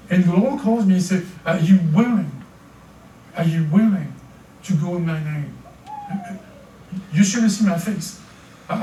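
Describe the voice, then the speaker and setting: A man's voice: fairly high pitch, mellow, slight background noise. An older man with a French accent, preaching a sermon as pastor, often stammering and repeating words as he restarts. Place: church hall. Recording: echoey church from far off.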